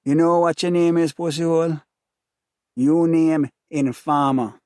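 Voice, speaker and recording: A man's voice: on the high side, fairly even intonation, a little slow, darkish tone, clean tone, no room sound, studio quality, close to an everyday voice. A man with a Jamaican accent voicing a cruel, taunting gang enforcer who repeats his insults. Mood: menacing.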